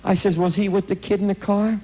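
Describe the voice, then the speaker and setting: A man's voice: high-pitched, flat delivery, a little fast, mellow, muffled recording. A middle-aged man giving an impassioned anti-drug talk, blunt and emphatic, acting out the voices in his story.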